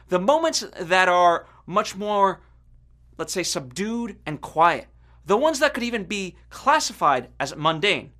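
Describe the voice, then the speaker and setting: A man's voice: sits high, a bit bright. A man hosting a podcast, delivering an earnest, reflective scripted monologue. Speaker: podcast host.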